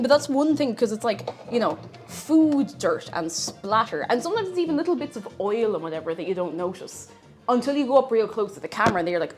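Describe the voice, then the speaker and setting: A woman's voice: fairly high pitch, animated, quick pace, faint music behind. A woman chatting casually and playfully with her viewers while cooking in her home kitchen on a livestream. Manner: playful rambling banter with chat. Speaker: streamer. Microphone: streaming mic.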